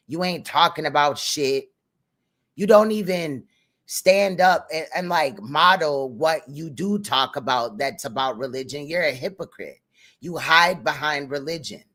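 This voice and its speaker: A man's voice: on the high side, lively intonation, measured pace, bright, forceful tone. A man hosting a livestream, giving blunt, critical commentary.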